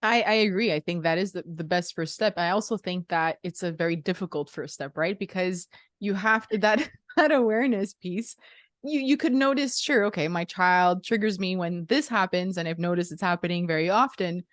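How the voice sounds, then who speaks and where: A woman's voice: fairly low pitch, moderate pace, dry recording, clean studio sound. A woman hosting a podcast, chatting earnestly and reflectively with a guest. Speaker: podcast host. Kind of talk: casual interview chat.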